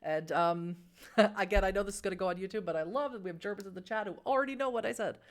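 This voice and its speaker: A woman's voice: mid-range voice, fast talker. A woman narrating as game master of a tabletop game, chatty, with many fillers.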